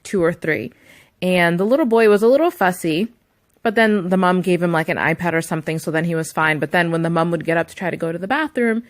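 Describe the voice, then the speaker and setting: A young adult woman vlogging, telling a story in a chatty, indignant way full of asides. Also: mid-range voice. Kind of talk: casual storytelling to camera.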